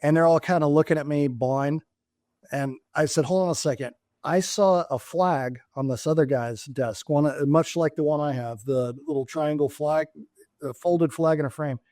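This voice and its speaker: Man telling animated stories, mellow voice. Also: on the high side, normal speed, dry recording, studio quality. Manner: animated storyteller acting out dialogue. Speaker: guest, former Navy SEAL turned company executive. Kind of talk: storytelling in a casual interview.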